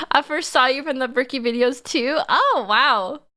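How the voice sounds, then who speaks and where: A woman's voice: high-pitched, slow pace, bright, forceful tone. A young woman streaming, chatting casually and reading her chat aloud in a bubbly, giggly way.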